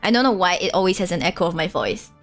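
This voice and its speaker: Excitable woman streamer, lively voice. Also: fairly low pitch, fast, faint music behind. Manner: animated, excitable, giggly. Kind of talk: casual let's-play chat.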